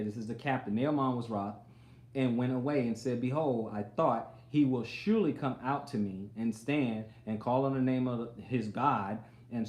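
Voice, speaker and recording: A man of middle pitch preaching, reading old scripture and then retelling it in plain street talk. He sometimes acts out the people in the story. The voice carries the echo of a roomy space. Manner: reads scripture then paraphrases it in everyday speech, acting out the characters. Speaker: pastor.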